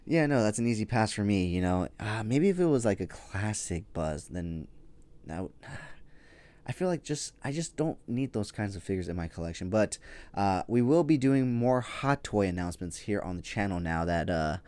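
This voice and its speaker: A man's voice: on the low side, expressive, moderate pace, a little mellow, no echo. A man hosting a toy news podcast, chatting casually and rambling with frequent fillers and casual swearing. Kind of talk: casual solo podcast chat.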